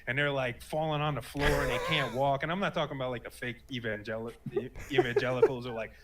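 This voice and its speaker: Guy in his 30s telling his story, earnest and rambly, mid-pitched voice. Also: fast talker, fairly bright tone. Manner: rambling, earnest, full of fillers. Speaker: guest sharing a personal story. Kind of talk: casual spoken testimony.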